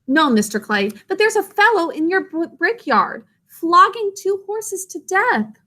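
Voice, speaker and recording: A woman voicing an earnest young stable boy in a storybook read-aloud, pleading in a high, urgent voice. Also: expressive, moderate pace, bright, forceful tone, full character voice.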